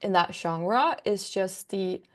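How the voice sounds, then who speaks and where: A woman's voice: mid-range voice, slow pace. A young woman, a book content creator, chatting as a guest in a casual interview, rambling enthusiastically with lots of fillers.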